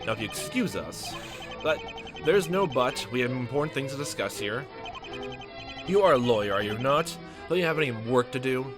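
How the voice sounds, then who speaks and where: A man's voice: mid-range voice, expressive, normal speed, natural voice. A man voicing a pompous, formal male official who talks down to others. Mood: condescending. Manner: formal, condescending. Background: game music.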